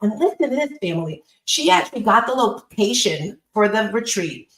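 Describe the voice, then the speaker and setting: A woman's voice: mid-range voice, sing-song, moderate pace, a bit bright, echoey room, low-quality recording. A woman hosting a live online call as a business coach, giving an upbeat, emphatic motivational talk and repeating phrases.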